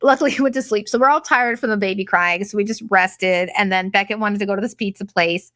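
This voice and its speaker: A middle-aged woman tells a long casual travel story in a chatty, rambling way. She's sarcastic and leans on "like" constantly, at a middling pitch. The recording is dry and close, with no room sound. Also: quick pace, a bit bright, no room sound. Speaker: podcast host.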